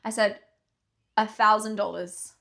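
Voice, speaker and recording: Animated young woman telling a story. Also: medium pitch, unhurried, gravelly. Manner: animated, acts out quoted voices, swears casually. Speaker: podcast co-host. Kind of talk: casual storytelling chat.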